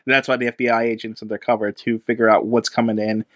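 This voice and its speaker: A man's voice: mid-range voice, level tone, fast, a bit bright, dry recording. A man co-hosting a casual movie review podcast, arguing his point and explaining plot details. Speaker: podcast co-host.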